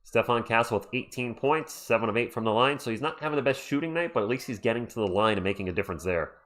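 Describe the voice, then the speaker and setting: A man hosting a casual livestream from home and calling a basketball game play by play. He chats excitably, breaking off to read out messages from chat, with his voice close on a desktop microphone. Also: medium pitch, fast. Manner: chatty, excitable, reads chat aloud. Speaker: livestream host. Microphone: USB desktop microphone.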